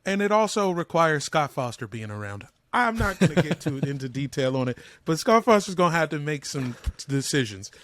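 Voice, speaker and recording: A comedian guest on a sports podcast, riffing and joking in playful rants. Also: male voice, a little high, sing-song, fairly quick, hardly any pauses, a bit bright. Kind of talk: casual sports podcast chat.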